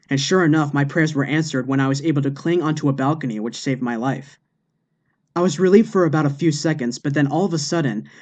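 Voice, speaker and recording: A man's voice: on the high side, close to an everyday voice. A man voicing a dead man who ruefully recounts how he died. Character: battered man telling of his death.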